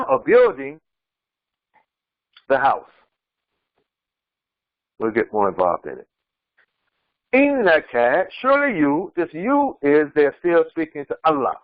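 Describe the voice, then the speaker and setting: A man, an imam, giving a slow commentary on scripture and repeating and explaining Arabic terms. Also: fairly high pitch, dry recording, muffled recording. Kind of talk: Quran commentary lesson. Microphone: screen-sharing lesson recording.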